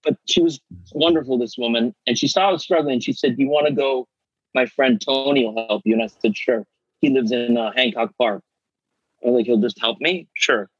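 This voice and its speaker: A middle-aged man, an actor guest, telling animated stories in casual chat and acting out the voices of people he quotes. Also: mid-range voice, brisk, husky, dry recording, muffled recording. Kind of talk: casual storytelling.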